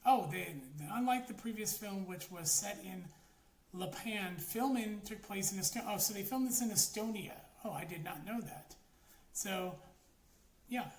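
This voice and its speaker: A woman giving a casual spoken movie review, rambling, excitable and full of swearing. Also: medium pitch. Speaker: film reviewer. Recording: roomy echo, faint background noise.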